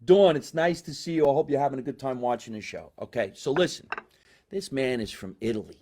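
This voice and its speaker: A man hosting a live comedy show from a basement, a loud, hammy showman who swings between big excitement and asides. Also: mid-range voice, a little fast. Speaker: podcast host.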